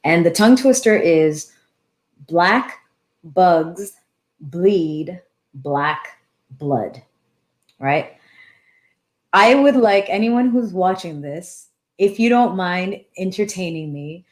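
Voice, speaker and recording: A woman in her thirties, a dance teacher hosting a casual live-stream Q&A, talking warmly and thinking aloud as she reads out comments. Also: mid-range voice, a little slow. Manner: warm, animated, thinks aloud with restarts.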